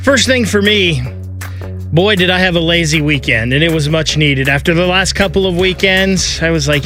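Bright-voiced blunt male co-host. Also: fairly high pitch, moderate pace, soft background music. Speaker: radio sports talk co-host. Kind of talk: casual radio chat.

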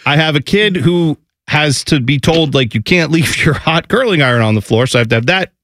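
A man in his thirties, a radio co-host, telling a family story in a casual, animated way and acting out the voices of his kids. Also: fairly high pitch, a little fast, slight background noise. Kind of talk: casual morning-show storytelling.

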